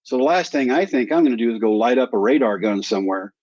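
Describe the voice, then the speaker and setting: A man's voice: medium pitch, fast, dry recording. A man around sixty, a guest in a sit-down conversation, telling a personal story with animation and acting out the dialogue. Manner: animated storyteller who acts out quoted dialogue. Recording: dry, slightly dull recording.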